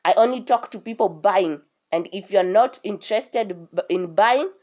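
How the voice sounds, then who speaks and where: A woman's voice: mid-range voice, moderate pace, a little mellow, close to an everyday voice. A woman voicing a stubborn, hot-tempered young prince who gives firm commands and raises his voice in anger. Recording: dull lo-fi recording.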